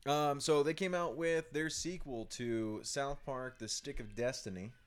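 A man's voice: mid-range voice, fairly even intonation, a little slow. A man in his thirties co-hosting a casual chat about video games, laughing often and talking loosely with many ums and restarts. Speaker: co-host of a gaming video series.

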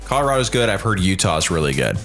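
Lively low-voiced man chatting and joking. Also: quick pace, soft background music. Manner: swearing, laughing, trying out impressions. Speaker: podcast co-host. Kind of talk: casual chat.

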